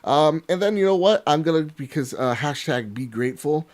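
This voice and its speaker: A man hosting a casual podcast over a video call, excitable and swearing as he rattles off thank-yous. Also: fairly high pitch, moderate pace. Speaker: podcast host.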